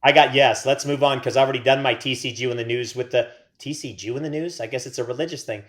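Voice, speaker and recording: A man's voice: mid-range voice, flat delivery, quick pace, a bit bright. Rambling, teasing American man. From United States. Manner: rambling, mock-serious teasing, playful tangents. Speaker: podcast co-host. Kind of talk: casual chat.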